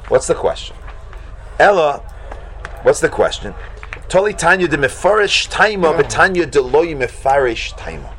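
A man teaching a Talmud class to students, animated, acting out shocked exclamations and talking casually with many fillers. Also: fairly high pitch, fairly quick, slight background noise.

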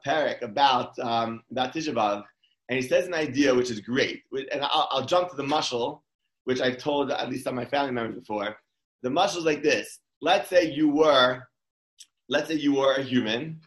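A man's voice: mid-range voice, fairly bright tone, roomy sound, low-quality recording. A man giving an informal Torah talk in a conversational way, often restarting his sentences. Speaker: Torah speaker.

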